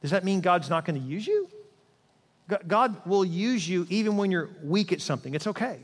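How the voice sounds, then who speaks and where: A man's voice: high voice, expressive, normal speed, husky. A man preaching a sermon as a pastor, conversational and self-deprecating. He asks his listeners direct questions and acts out voices of the people in his stories. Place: large church. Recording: long reverb in a large hall.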